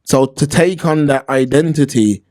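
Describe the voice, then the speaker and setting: A man's voice: medium pitch, unhurried, darkish tone, no room sound, studio quality. A man co-hosting a casual talk show, telling stories animatedly and acting out the voices he quotes. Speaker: podcast co-host. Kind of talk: casual discussion.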